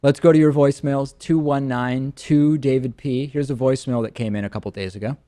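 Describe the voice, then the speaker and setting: A man hosting a talk show, chatting in a dry, measured, lightly joking way. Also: medium pitch, fairly even intonation, dark tone. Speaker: show host. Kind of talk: casual talk show banter.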